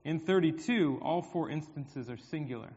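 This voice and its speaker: A male pastor preaching a sermon in a conversational way, his voice swinging from hushed to emphatic. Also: fairly high pitch, expressive, moderate pace. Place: church hall. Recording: dull, echoey hall.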